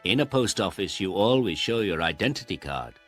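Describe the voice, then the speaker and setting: A man's voice: low-pitched, big pitch swings, fairly quick, a bit bright, soft background music. Man playing a kind schoolteacher, storybook, reassuring. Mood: helpful. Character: helpful village schoolteacher, man.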